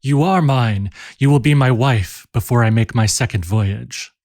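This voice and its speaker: A man's voice: mid-range voice, measured pace, a little mellow, dry recording, clean studio sound, close to an everyday voice. A man voicing a determined young seafaring suitor in a storybook reading. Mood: pleading. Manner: pleading, earnest. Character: ardent young male sea captain, determined.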